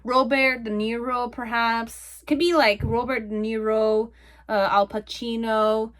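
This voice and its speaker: A woman's voice: fairly high pitch, fairly even intonation, unhurried, fairly bright tone. A young adult woman giving a casual pick-a-card tarot reading, rambling and chatty, often checking in with "okay?" and "like". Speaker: tarot reader.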